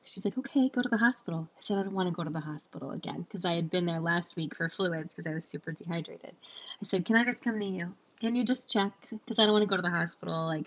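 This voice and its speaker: Young woman host, lively storyteller, slightly dull lo-fi sound. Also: on the low side. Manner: animated storyteller, acts out quotes. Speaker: podcast co-host. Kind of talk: casual storytelling chat.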